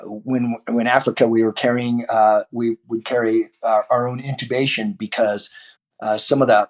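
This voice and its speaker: A man, a martial arts teacher, talking as a podcast guest in a loose, rambling way with many restarts and fillers. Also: medium pitch. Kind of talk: podcast interview guest, casual talk.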